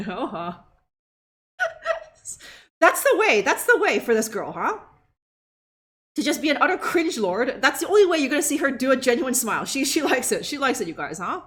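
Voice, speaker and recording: A woman's voice: sits high, a bit bright. A woman streaming a video game, joking sarcastically, laughing often, swearing, and ending lines with "huh?". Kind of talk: live gameplay commentary.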